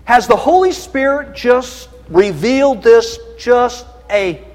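A middle-aged man preaching a sermon, passionate and emotional, his voice going shrill when he raises it. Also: lively intonation, slow. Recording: reverberant hall.

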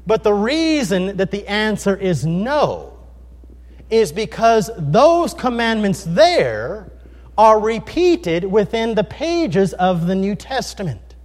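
A man's voice: high voice, long reverb tail. A man preaching a sermon, earnest and emphatic, asking his listeners rhetorical questions.

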